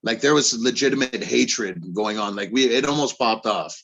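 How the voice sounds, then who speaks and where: A man talking in a casual podcast chat about arm wrestling, profane, excitable and emphatic. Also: medium pitch, normal speed, gravelly.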